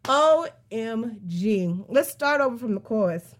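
A woman podcast host breaks down a song casually, speaking emphatically in a slightly high, expressive voice with plenty of swearing. She swings between heated rants and slow, drawn-out musing.

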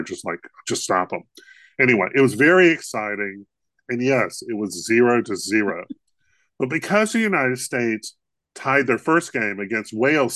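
A man's voice: mid-range voice, fairly bright tone, dry recording. A man co-hosting a podcast in casual comedic chat, rambling and laughing often. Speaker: podcast co-host.

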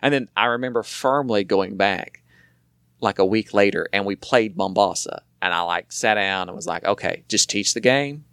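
A man's voice: lowish voice, fairly even intonation, normal speed, creaky, a bit bright, clear, resonant tone, dry recording, clean studio sound. A man in casual conversation, rambling and repeating words as he searches for them. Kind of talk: casual chat.

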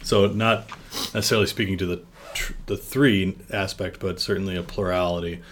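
A man with a very low voice leads a church devotion. He reads the passage with lifting emphasis, then talks it through in a loose, conversational way with small fillers. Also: fairly even intonation, brisk, a little hiss or hum. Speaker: vicar leading a devotion. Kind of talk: Bible reading and devotional discussion.

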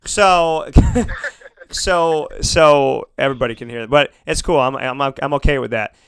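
A man with a bright, crisp voice tells a family story on air, rambling and animated, doubling back on himself mid-sentence. His voice sits a touch high for a man, and the sound is dry and close. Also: a little slow, no echo. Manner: animated, rambling, lots of restarts and fillers.

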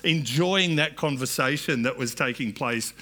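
A man's voice: mid-range voice, normal speed, pushed and bright. A middle-aged man preaching a sermon in a church, talking in a conversational way with many restarts and asides. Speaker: pastor.

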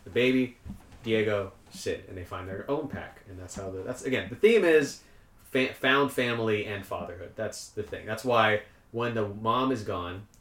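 Animated young man in a roomy echo. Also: on the low side, normal speed. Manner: animated, laughs while telling stories. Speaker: podcast co-host. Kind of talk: casual chat about a film.

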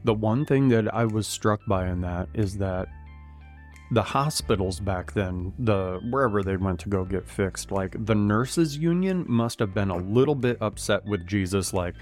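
A man co-hosting a podcast, chatting casually with jokes and reading Bible passages aloud with animated delivery. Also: lowish voice, normal speed, soft background music. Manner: animated, joking, dramatizes quoted voices. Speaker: podcast co-host and scripture reader.

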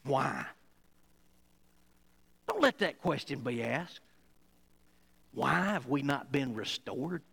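A man preaching a sermon to a church, emphatic, swinging between loud and quiet passages. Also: mid-range voice, animated, takes it slowly, vocal fry, long pauses, husky, poor audio. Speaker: pastor.

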